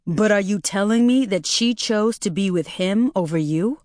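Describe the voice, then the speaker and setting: A woman's voice: mid-range voice, normal speed, a little mellow, no room sound, studio quality, close to an everyday voice. A woman reading an audiobook and voicing a concerned adult man who speaks in a soothing, then blunt way. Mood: insistent.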